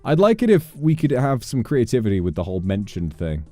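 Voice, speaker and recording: A man's voice: medium pitch, wildly swooping pitch, a little fast, hardly any pauses, mellow, no room sound, faint music behind. A young man chatting on a gaming livestream, rambling into mock-exasperated rants with plenty of swearing. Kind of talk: casual livestream chat while gaming.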